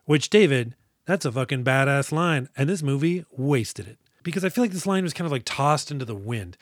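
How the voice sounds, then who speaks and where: A male podcast co-host recaps a movie in an animated, joking way and swears freely. His voice sits mid-range. The recording is dry and close. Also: mid-range voice, fairly quick, no echo. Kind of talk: casual movie review chat.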